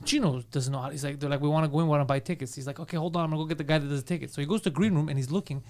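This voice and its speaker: A man co-hosting a comedy podcast, telling animated stories in casual chat and laughing often. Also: on the high side, very fast. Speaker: comedian co-host.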